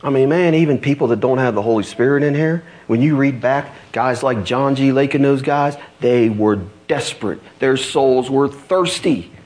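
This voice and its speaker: A man's voice: medium pitch, moderate pace, hardly any pauses, darkish tone. A middle-aged man preaching a sermon, telling the story with acted-out voices and rising intensity. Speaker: pastor.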